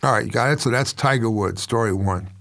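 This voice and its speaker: A man's voice: mid-range voice, brisk, creaky, a bit bright. An older man in his seventies hosting a commentary show, telling stories in a rambling, wry and self-mocking way. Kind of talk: casual storytelling commentary.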